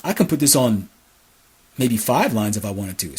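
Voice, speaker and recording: A man teaching a hands-on database lesson over a screen recording, repeating key phrases and dictating commands slowly as he types. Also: on the low side, big pitch swings, darkish tone, slightly rough. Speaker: SQL instructor.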